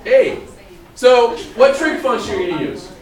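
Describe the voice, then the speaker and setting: A man's voice: very high-pitched, a little fast, a crowd in the background. A man teaching math to a class, joking and laughing often as he talks. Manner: playful, laughs often, animated. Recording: echoey classroom from far off with students.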